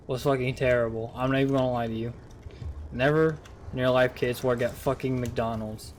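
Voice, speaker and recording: A man's voice: medium pitch, a little hiss or hum. A young man telling a casual, rambling story straight to his viewers, full of swearing and incredulous outbursts. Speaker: vlogger.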